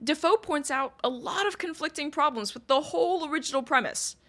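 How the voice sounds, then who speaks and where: Chatty woman telling history, slightly high. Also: a little fast, a bit bright. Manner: wry, chatty asides. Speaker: podcast host. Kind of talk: casual history storytelling.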